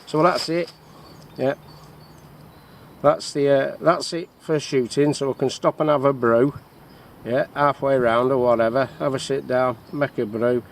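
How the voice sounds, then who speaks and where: A man's voice: medium pitch, steady tone, unhurried, gravelly, slight background noise. A man casually talking through his bushcraft gear outdoors, rambling a little with frequent fillers. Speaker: bushcraft vlogger. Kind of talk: casual show-and-tell of gear. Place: outdoors in the countryside.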